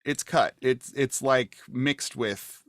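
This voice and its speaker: A man narrating a tabletop game as game master over a video call. He talks slowly and haltingly, with many fillers and restarts. The sound is dry and close. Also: medium pitch, no echo.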